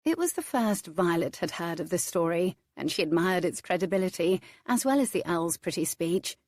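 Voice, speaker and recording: Brief: woman audiobook narrator, low voice, dry close sound, wry and measured. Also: animated, a little mellow, dry recording. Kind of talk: scripted romance narration.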